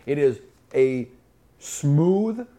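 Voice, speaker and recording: A man running a tabletop role-playing session as game master. He narrates the scene with animated storytelling, and his pitch rises and falls freely. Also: very slow. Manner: animated, lively storytelling with sudden exclamations.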